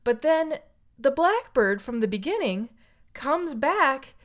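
Animated woman retelling a picture book. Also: high voice, slow pace. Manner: animated storyteller, acts out quoted voices. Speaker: podcast co-host.

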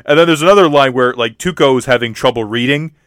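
A man's voice: medium pitch, fast talker, smooth, dry recording. Eager man in dry, close sound. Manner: enthusiastic, stumbling restarts. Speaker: podcast co-host. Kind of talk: casual film discussion.

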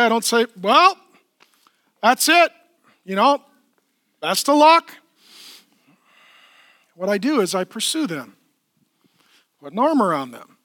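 Bright, high-voiced preaching man. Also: no room sound, studio quality. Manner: impassioned preaching, swinging from loud pleas to quiet tenderness. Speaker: pastor. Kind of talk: sermon. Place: church.

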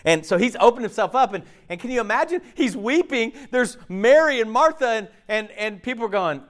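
Guy preaching, super animated, acts out the story, voice all over the place. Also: high voice, normal speed, hardly any pauses. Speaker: pastor. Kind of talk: sermon.

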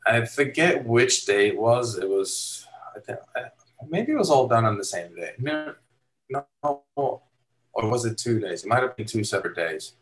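A Finnish photographer and former skater, appearing as an interview guest, tells a long story in a laid-back, rambling way, leaning heavily on "like" and "dude." His medium-pitched voice is animated, a bit bright, and at normal speed. The recording is rough.

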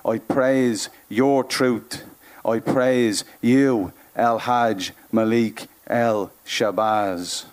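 A man with a Dublin accent reads his poetry aloud on a club stage. He keeps an unhurried, rhythmic pulse and leans hard on words, then drops suddenly to a hush. His voice sits at an ordinary middle pitch. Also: fairly even intonation, slight background noise. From Ireland. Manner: rhythmic, emphatic delivery with sudden shifts between loud and hushed. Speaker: performance poet. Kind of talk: live spoken-word performance. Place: club stage, live broadcast.

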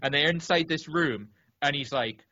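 A man in casual podcast chat, telling a long story in an animated, rambling way with many restarts and fillers. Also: on the high side, moderate pace. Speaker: podcast co-host or guest. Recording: dull lo-fi podcast audio.

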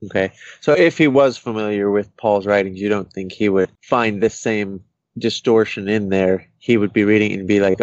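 A man's voice: fairly low pitch, moderate pace, darkish tone, dry recording, dull audio. Curious man asking questions. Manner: curious, inquiring. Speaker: interviewer. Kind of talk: interview questions.

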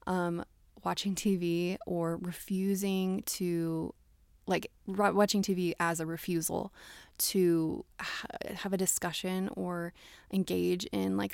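A woman's voice: mid-range voice, vocal fry, darkish tone, no room sound, clean studio sound. A young woman hosting casual relationship advice talk, chatty with lots of fillers, acting out example conversations. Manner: chatty, many fillers like "like" and "you know", acts out example dialogue.

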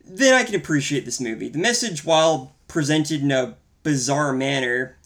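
A man's voice: fairly high pitch, lively intonation, moderate pace, fairly bright tone. A man co-hosting a casual film-review podcast, talking in a wry, rambling, profane way. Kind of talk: casual chat.

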